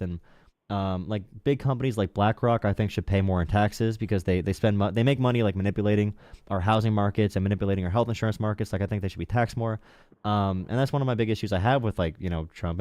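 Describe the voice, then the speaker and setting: Young male call-in host, quick and loose delivery, fillers everywhere. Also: lowish voice, darkish tone, dry recording, studio quality. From Appalachian coal region, USA. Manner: rapid, lots of fillers and restarts. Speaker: political talk show host. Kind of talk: live call-in political talk.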